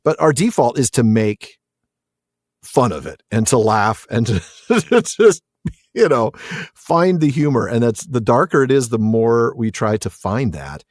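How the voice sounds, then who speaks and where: A man's voice: mid-range voice, sing-song, measured pace, darkish tone, no room sound, clean studio sound. A man co-hosting a podcast, chatting casually and enthusiastically about a book and laughing often. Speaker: podcast co-host.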